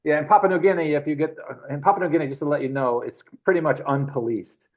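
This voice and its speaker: A man's voice: on the high side, fast talker, poor audio. Chuckling man spinning rambling stories. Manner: animated, chuckling, rambling anecdotes. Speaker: guest. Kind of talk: casual storytelling.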